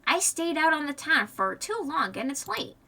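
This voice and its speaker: Young woman streamer reading a game out loud, rambly and chatty, bright voice, mic kinda far. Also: high-pitched, very animated, normal speed. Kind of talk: reading a visual novel aloud on stream. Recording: distant mic, faint music behind.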